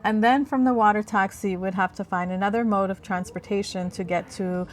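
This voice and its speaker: A woman reads the voice-over for a travel vlog. Her delivery is calm and matter-of-fact, in a mid-pitched voice. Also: brisk. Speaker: travel vlogger. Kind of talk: scripted voice-over narration.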